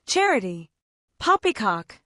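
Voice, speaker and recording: A pudgy, hot-tempered old uncle, as a woman narrator plays him, snorting out angry bluster. The reading swings with lively pitch and sounds dry and close. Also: normal speed, no room sound.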